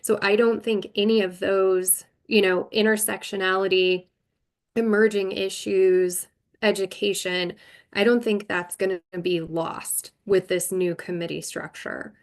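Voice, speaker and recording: A woman's voice: medium pitch, steady tone, a little slow. A woman chairing a virtual board meeting, talking through procedure carefully and thinking aloud.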